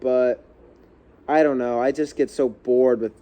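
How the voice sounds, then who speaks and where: A man's voice: medium pitch, fairly even intonation, unhurried, dark tone, smooth. A young man ranting casually to camera as a vlogger, heated and rambling, swearing often and restarting his sentences.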